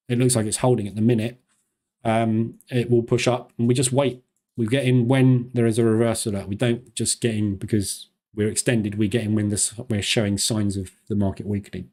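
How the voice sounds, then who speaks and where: A man hosting a live trading stream, talking fast in a chatty, loose way with plenty of fillers. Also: medium pitch, darkish tone.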